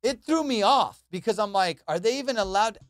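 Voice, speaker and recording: A young adult man hosting a comedy podcast, swearing freely as he rattles off a story. His voice sits fairly high and sounds smooth and resonant. The recording is close and dry, with no room sound. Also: a little fast, dry recording. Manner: profane, animated, acts out quotes.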